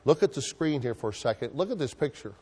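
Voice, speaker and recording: A man preaches to his congregation, asking them to fill in the verses and answer back. His voice sits at a middling pitch and rings out with long reverb, as in a church sanctuary. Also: animated, fast, mellow, husky. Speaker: pastor. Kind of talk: sermon.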